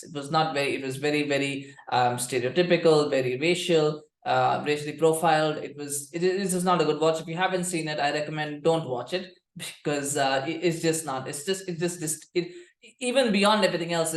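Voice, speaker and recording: Male football podcast host, quick and rambling, sarcastic, echoey room. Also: fairly high pitch. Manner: rambling, many restarts and fillers, sarcastic. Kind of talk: casual commentary.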